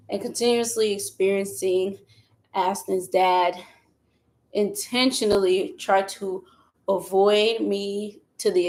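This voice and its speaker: A woman's voice: a little high, creaky, poor audio. A woman vlogger and mother talking casually to camera, candid and rambling as she vents, a little out of breath.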